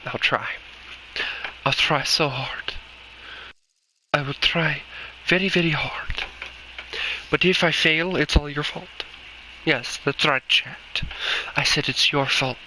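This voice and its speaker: A man's voice: a little high, takes it slowly, pauses often, pushed and bright, low-quality recording. A man with a Southern US accent giving joking, rambling commentary while he plays a video game. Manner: joking, rambling, self-mocking. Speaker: gaming streamer. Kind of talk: casual gameplay commentary. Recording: game noise behind.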